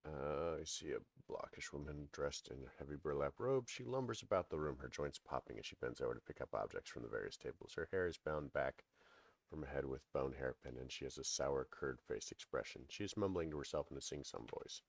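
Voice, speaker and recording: A man's voice: extremely low pitch, animated, fairly quick, creaky, no room sound. A man casually commenting on a game and reading its text aloud, hesitant, with many fillers. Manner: hesitant, filler-heavy, chuckling. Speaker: let's-play gamer.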